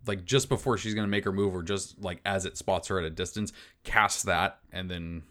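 A man's voice: low-pitched, steady tone, a little fast, a bit bright. A man playing a tabletop game, thinking aloud in a casual way. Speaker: player.

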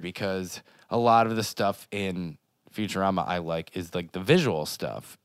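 A man's voice: low-pitched, lively intonation, normal speed, smooth, no echo, studio quality. A man co-hosting a podcast in casual chat, rambling with many filler words. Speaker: podcast co-host.

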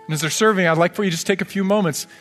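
A male pastor delivers an earnest, pleading sermon, weaving in scripture. His voice sits a little high for a man. The sound carries a long reverb from the church sanctuary. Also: racing, fairly bright tone, soft background music.

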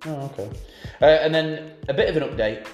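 A man's voice: fairly high pitch, fairly quick, echoey room, faint music behind. A man hosting a casual football podcast, teasing his co-host with jokey banter.

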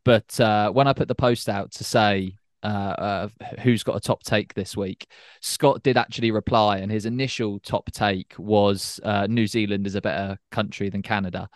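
A man's voice: fairly low pitch, fairly even intonation, normal speed, dry recording, clean studio sound. A man hosting a casual podcast, teasing and joking with a guest. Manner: teasing, playful banter. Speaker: podcast host.

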